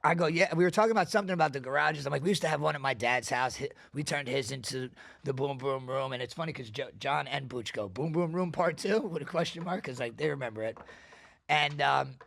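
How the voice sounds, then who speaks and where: A man hosting a podcast, telling stories in casual chat, profane and animated. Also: mid-range voice, quick pace, gravelly, no room sound. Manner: profane, animated storyteller with bursts of loud laughter. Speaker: podcast host.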